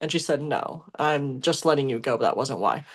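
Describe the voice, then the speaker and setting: A woman's voice: a bass voice, expressive, moderate pace. A young adult woman on a podcast, talking in a casual, emotional way about a past relationship, with lots of fillers and restarts. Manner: emotional, rambling with many fillers and self-corrections. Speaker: podcast co-host. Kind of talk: casual conversational storytelling.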